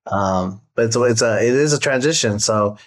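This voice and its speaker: Relaxed man asking measured questions. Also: lowish voice. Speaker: podcast host. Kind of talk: casual interview.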